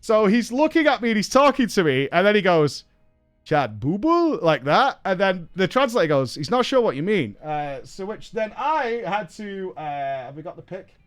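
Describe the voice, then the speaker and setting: A man hosting a casual stream chat, telling an animated story with laughs and casual swearing. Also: high voice, moderate pace, few pauses, clean tone, soft background music. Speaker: streamer host.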